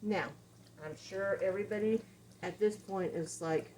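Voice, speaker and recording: A woman's voice: mid-range voice, huge pitch swings, normal speed, a little mellow, a little hiss or hum, rough recording. A woman dog trainer giving a casual, conversational lesson, explaining with everyday examples. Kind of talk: instructional talk.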